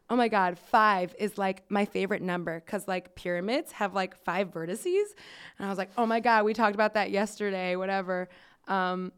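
Smooth-voiced woman telling a story. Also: mid-range voice. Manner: chatty, swears freely, many "like" fillers. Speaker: podcast host. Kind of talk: casual storytelling chat.

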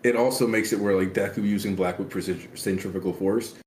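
A man's voice: lowish voice, steady tone, fairly quick, a little mellow. A man co-hosting a casual podcast, explaining manga details at length with many fillers. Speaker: podcast co-host. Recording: echoey room with faint noise.

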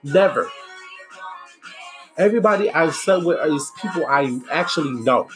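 A woman's voice: sits low, lively intonation, moderate pace. A woman talking bluntly and profanely in an exasperated, candid monologue. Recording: music playing behind the voice. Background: music.

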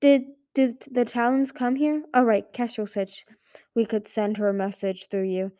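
A woman's voice: a little high, fairly even intonation, normal speed, dark tone, lightly acted. A woman voicing a nervous, talkative young female dragon who stumbles over her words. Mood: flustered. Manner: flustered, stumbling, eager. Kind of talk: audiobook character voice.

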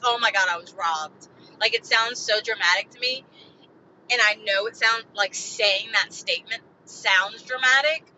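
A woman with a very bright, fairly high voice vents on a solo podcast, agitated and swearing as she rambles through her frustration. The recording is a little dull and lo-fi. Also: a little hiss or hum. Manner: agitated, profane, rambling venting. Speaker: podcast host.

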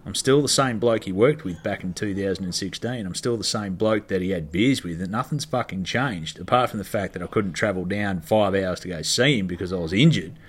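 A man's voice: deep voice, brisk, few pauses, slightly rough. An Australian man, a stand-up comedian, telling a story in a casual monologue, blunt and heavily profane, ranting in exasperation.

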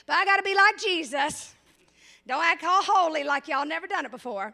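A woman preacher with a very high, bright voice delivers an animated sermon. She fires rhetorical questions at her congregation and drops into casual asides. She slows down hard on the words she wants to land. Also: creaky.

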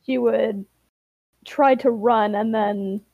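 A woman's voice: fairly high pitch, steady tone, slow pace, creaky, no room sound, narrow, tinny audio. A woman co-hosting a podcast, chatting in an amused, talkative way about the story. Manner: amused, chatty, laughs between remarks. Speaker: podcast co-host. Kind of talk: casual chat commentary.

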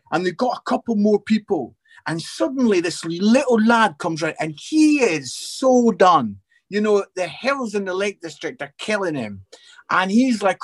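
A man, an evangelist and comedian, telling his faith story in an interview as an animated storyteller with many restarts. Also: high voice, a little slow. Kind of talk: personal testimony in an interview.

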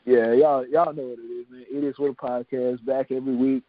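A man's voice: medium pitch, flat delivery, fairly quick, no echo, narrow, tinny audio. A man hosting a podcast, chatting casually, often repeating words and laughing as he signs off. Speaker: podcast host. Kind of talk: casual podcast sign-off chat.

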